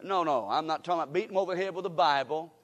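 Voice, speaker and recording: A man's voice: fairly high pitch, racing, fairly bright tone, long reverb tail, dull audio. An older man preaching a sermon in a church, folksy and emphatic, leading the congregation in call-and-response. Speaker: guest preacher.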